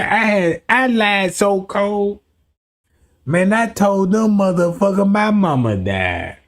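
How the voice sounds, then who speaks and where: A man livestreaming, telling a profane, rambling story to his chat, dropping to low mutters and then shouting. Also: expressive, slow. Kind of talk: casual storytelling to a live chat.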